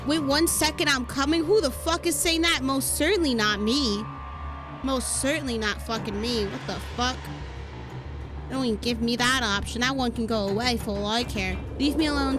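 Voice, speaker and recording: A woman streaming a horror game, reading its text aloud and reacting dramatically with frequent swearing, with game music playing behind. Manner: dramatic, swearing, jumps high when flustered.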